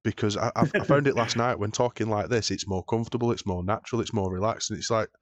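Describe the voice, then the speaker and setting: A British man hosting a podcast, chatting casually and telling stories, growing animated when he jokes. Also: on the low side, quick pace, no echo. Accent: British English. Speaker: podcast host. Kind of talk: casual chat.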